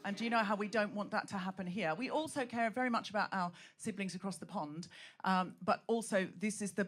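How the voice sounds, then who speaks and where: A woman hosting a live comedy podcast on stage, rallying a laughing audience with animated, punchy banter. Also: mid-range voice. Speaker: podcast host.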